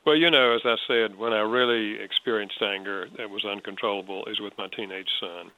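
An older man telling an earnest personal story in a radio interview, his voice dropping soft when he reflects. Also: on the low side, steady tone, a little fast, phone-quality sound. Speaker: guest author and father.

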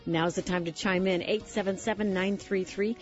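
A woman's voice: medium pitch, steady tone, normal speed, highs cut off, soft background music. A woman hosting a Christian radio talk show, speaking in an earnest, reflective way and affirming her guest. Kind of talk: conversational Christian radio interview.

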